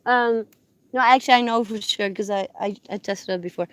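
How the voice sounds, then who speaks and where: A woman chatting on a live stream from her parked car, rambling with many fillers and restarts, and softly cooing to her dogs. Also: medium pitch, a little fast, smooth, dry recording. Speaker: livestreamer. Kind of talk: casual live-stream chat. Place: parked car on public land.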